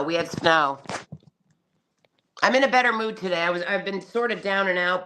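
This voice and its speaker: Woman, live-stream chat, dramatic, swears a lot, calls people darling, crisp bright tone. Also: fairly low pitch, slight background noise.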